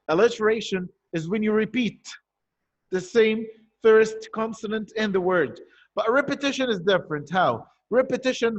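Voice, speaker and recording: High-voiced man teaching online. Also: highs cut off. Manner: explains step by step, asks and answers his own questions. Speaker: primary school teacher. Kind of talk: online poetry lesson.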